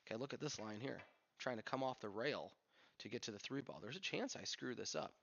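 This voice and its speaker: A pool instructor with a gravelly, fairly bright mid-range voice teaches while he plays, talking briskly and thinking aloud in a candid coaching manner. The sound is dull and lo-fi, with slight background noise.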